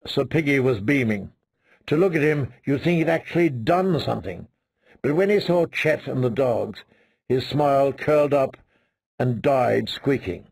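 A man narrating an audiobook in a slow, measured reading. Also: medium pitch, creaky, slightly rough, no room sound, studio quality. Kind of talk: scripted narration.

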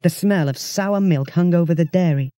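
Reader, children's story, chatty first-person telling, mellow and dry. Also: mid-range voice, normal speed, no room sound. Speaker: audiobook narrator.

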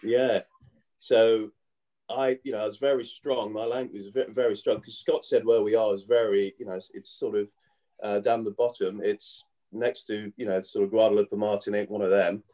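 A man's voice: lowish voice, little pitch movement, normal speed, warm tone. A man in his fifties who grew up in England, a former cricketer telling his life story in a casual interview, rambling with many "you know"s and restarts.

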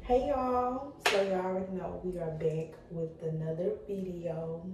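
A young woman vlogging to her viewers in an excited, chatty, motivational way. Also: lowish voice, a little slow, very echoey, far from the mic, noisy background. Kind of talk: casual vlog talk to viewers.

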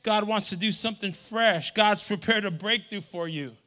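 A middle-aged male pastor with a high, ringing voice preaches in a church. He calls to the crowd for a response, then climbs to fervent shouts. His tone stays bright and forward. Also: normal speed. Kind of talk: sermon. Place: church sanctuary.

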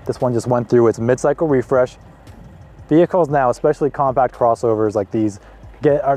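A man in his twenties hosts a car review outdoors, circling a parked car. His medium-pitched voice is excitable and chatty, sprinkled with casual asides.

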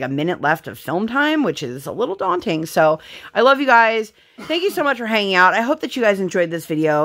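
A woman in her thirties, a mother and vlogger, chatting casually and telling rambling stories while she crafts. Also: medium pitch. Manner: rambling storytelling with fillers, bright sign-off.

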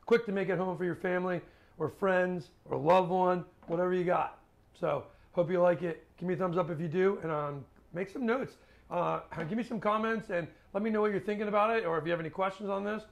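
A man's voice: high-pitched, a little fast, vocal fry. A man hosting his own cooking video, chatting casually as he cooks and tastes, with plenty of fillers and restarts.

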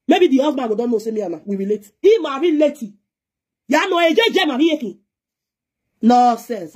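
Fast-talking husky Nigerian woman. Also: on the high side, darkish tone. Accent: Nigerian Pidgin English. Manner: scolding, preachy, mixing pidgin and English. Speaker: live video presenter. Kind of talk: heated live-stream rant.

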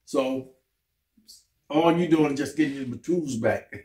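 Unhurried and medium-pitched, this vlog co-host tells stories in a relaxed, casual chat, animatedly voicing the people he quotes. He's recorded from a distance in an echoey room, and faint noise can be heard.

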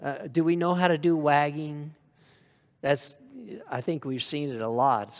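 A man's voice: fairly high pitch, lively intonation, normal speed. Male preacher in a reverberant church hall. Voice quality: conversational, asks the congregation questions. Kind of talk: sermon.

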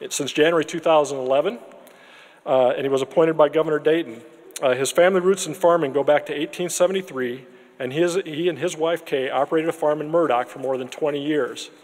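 A man hosting a university celebration, giving earnest, measured remarks with frequent restarts before introducing a guest, at a podium in a large room with an audience. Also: a little high. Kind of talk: formal event remarks and speaker introduction. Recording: long hall reverb.

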